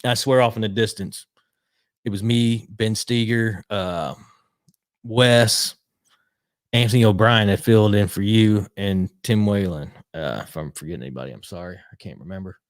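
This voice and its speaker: Animated man telling a story. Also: fairly low pitch, normal speed, no room sound, clean studio sound. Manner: animated, acts out quotes, swears casually. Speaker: retired pit crew member, guest. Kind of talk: casual storytelling.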